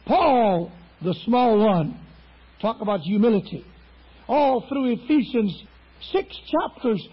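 A man's voice: very high-pitched, husky. A man preaching a fervent, emphatic sermon as a pastor. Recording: dull lo-fi sound.

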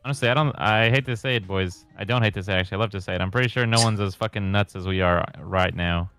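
A man's voice: on the low side, fast, fairly bright tone, clear, resonant tone. A young man chatting with friends while playing a game, laughing often and rambling with plenty of swearing. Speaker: fellow player. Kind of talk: casual gaming chat.

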